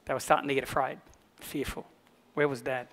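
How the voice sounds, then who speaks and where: An Australian man preaching a sermon, telling a personal story with animated energy and then turning quiet and earnest for the message. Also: medium pitch, a little fast, long reverb tail. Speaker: pastor.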